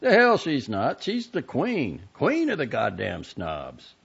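A man voicing a scruffy, excitable young man who breaks into loud, profane outbursts. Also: medium pitch, moderate pace, husky, voice pushed up, exaggerated voice. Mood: agitated. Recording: dull lo-fi recording.

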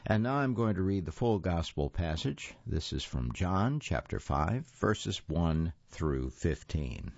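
A man giving a scripted devotional reading and reading scripture aloud in a measured, reverent way. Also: low voice, sing-song, gravelly, a little mellow, no echo. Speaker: devotional reader. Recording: dry, slightly muffled recording.

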